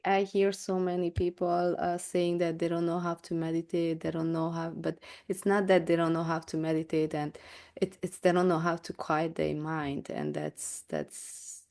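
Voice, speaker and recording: A woman hosting a conversational interview with a slightly lower voice for a woman. She comes across as curious and encouraging, drawing her guest out with friendly questions. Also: moderate pace, a little mellow. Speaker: interview host.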